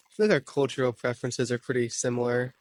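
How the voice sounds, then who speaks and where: A man's voice: mid-range voice, steady tone, fast, slight background noise. A man answering a street interview in a matter-of-fact way.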